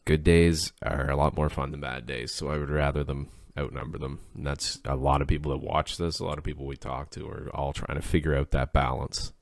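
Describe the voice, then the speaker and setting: A man's voice: a bass voice, little pitch movement, a little fast, creaky, hardly any pauses, no room sound, studio quality. A man co-hosting a podcast in casual chat, rambling and acting out the things people say to him. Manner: rambling, acts out quoted speech. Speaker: podcast co-host; workplace supervisor.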